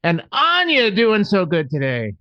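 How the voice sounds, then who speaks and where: A man's voice: high-pitched, unhurried, muffled recording. A man hosting a podcast, chatting casually and joking with friends. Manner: joking, animated, laughs often. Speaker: podcast host. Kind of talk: casual group chat.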